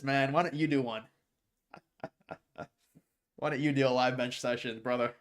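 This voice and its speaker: A man hosting a casual live stream, reading out viewer questions and answering them off the cuff at an average pitch. He rambles and trips over the starts of his sentences, repeating words before the thought lands, and slips into scornful, mocking asides. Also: fairly even intonation, a little slow, long pauses.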